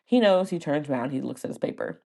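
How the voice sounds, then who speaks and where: Mellow, animated woman telling a story. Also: sits low, fast, vocal fry. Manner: animated, laughs often, mimics words she teaches. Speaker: podcast host and first-grade teacher. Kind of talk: casual storytelling monologue.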